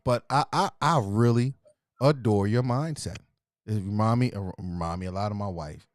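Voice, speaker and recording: A man's voice: lowish voice, moderate pace, no room sound, clean studio sound. A man hosting a casual talk show, asking guests questions in a laid-back way and laughing often. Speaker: podcast host. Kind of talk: casual chat.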